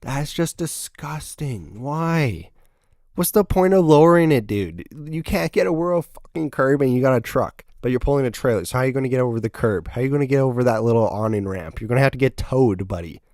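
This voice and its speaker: A man's voice: mid-range voice, lively intonation, a little fast, darkish tone, no room sound, studio quality. A young man hosting a casual reaction video, blunt and profane, mocking what he sees with sudden outbursts.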